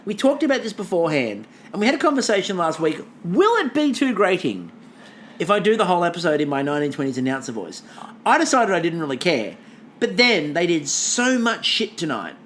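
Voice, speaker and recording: Animated woman telling a story. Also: lowish voice, a little fast, a little hiss or hum. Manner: animated storytelling with acted-out quotes. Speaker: podcast co-host. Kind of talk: casual chat.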